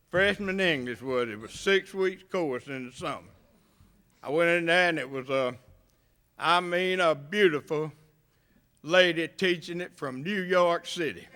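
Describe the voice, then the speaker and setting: An older man with a thick rural Southern accent, telling humorous, homespun stories in a banquet speech. His voice sits fairly high and sounds bright and forceful. It comes through smooth and clear. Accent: Southern US, rural Gulf Coast area. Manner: folksy, humorous storytelling. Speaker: hall of fame inductee.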